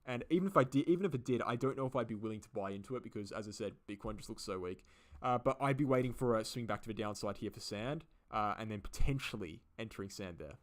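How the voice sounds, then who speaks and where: A man's voice: lowish voice, quick pace. An Australian man hosting a live stream, answering viewer questions in a rambling way, full of fillers and repeated phrases. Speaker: crypto channel host.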